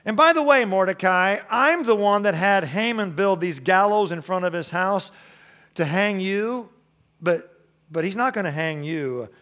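Man acting out God as a friendly, reassuring male voice, chatty, raised and loud, pitched up high, sermon role-play. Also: lively intonation, measured pace.

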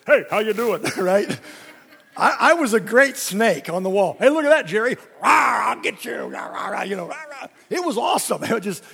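A man preaching a sermon, telling lively stories with jokes and little voice impressions. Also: sits high, big-room sound. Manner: animated storytelling with jokes and voice impressions.

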